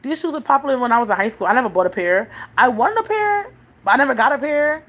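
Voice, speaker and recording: A woman's voice: fairly high pitch, expressive, rapid-fire, dull audio. A woman, chatting casually to her viewers in a rambling way and laughing often. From New York City. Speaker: vlogger, mother. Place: home, New York.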